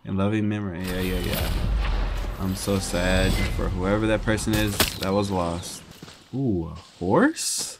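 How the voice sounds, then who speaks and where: A man casually commenting on his own gameplay, chatty and breaking into loud excited yelps. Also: low-pitched, measured pace, noisy background. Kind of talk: casual let's-play commentary.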